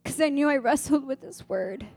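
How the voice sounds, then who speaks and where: A woman's voice: high-pitched, moderate pace, darkish tone, dry recording, soft background music. A woman preaching a sermon to a congregation, sharing personal testimony in an earnest way that builds to fervent exhortation. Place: gathering room with a congregation.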